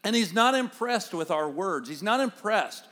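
A man's voice: high-pitched, lively intonation, normal speed, pushed and bright. A male pastor preaching a sermon in an earnest, conversational way, telling stories and talking directly to the congregation. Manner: storytelling, acts out a child's voice and quoted speech.

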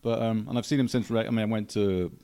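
A man's voice: fairly low pitch, fairly even intonation, fast, dark tone, smooth. A man with a Welsh accent, a filmmaker chatting earnestly about his work and home country. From Wales. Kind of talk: casual chat.

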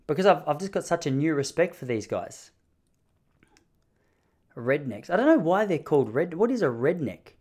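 A man's voice: fairly high pitch, normal speed, pauses often, breathy edge. A man in his thirties telling a story casually and with animation. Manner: animated, mimics the people in his stories. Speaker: vlogger.

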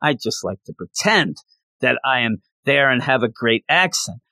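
A male podcast host chatting casually in a mid-pitched voice, joking and poking fun at himself as he rambles. He is close to the mic in a dry, dead room. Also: animated, normal speed, pushed and bright, no room sound. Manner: rambling, self-deprecating, jokey. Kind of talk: casual chat.

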